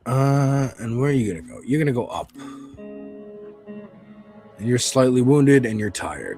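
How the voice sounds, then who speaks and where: A man's voice: medium pitch, lively intonation, unhurried, long pauses, a little mellow, soft background music. A man streaming a video game, giving loose, rambling commentary with casual swearing.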